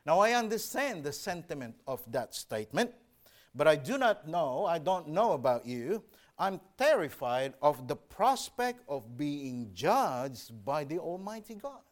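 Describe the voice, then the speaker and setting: Slow, animated male preacher. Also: on the high side. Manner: earnest, emphatic preaching with scripture reading. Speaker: pastor. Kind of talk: sermon.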